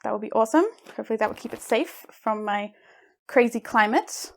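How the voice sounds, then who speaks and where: A young woman vlogging an unboxing, gushing and giggling with excitement. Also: fairly high pitch, brisk. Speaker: maker vlogger. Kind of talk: unboxing vlog.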